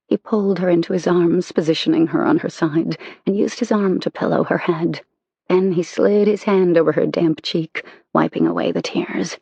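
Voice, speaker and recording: An audiobook narrator reading a romance novel in an intimate, measured way. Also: mid-range voice, lively intonation, gravelly, dark tone, breathy edge, no echo.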